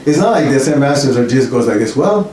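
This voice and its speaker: Casting: male spiritual teacher, lively and conversational, off-mic in a reverberant room with light hiss. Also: medium pitch, fast. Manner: animated, acts out little scenes in voices. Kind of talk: casual explanatory talk. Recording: roomy, distant mic, faint hiss.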